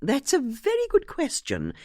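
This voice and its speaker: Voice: high voice, wildly swooping pitch, moderate pace, dry recording, clean studio sound, voice pushed up. A narrator doing a bold older woman sleuth. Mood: bright. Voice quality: bright, flustered bluffing.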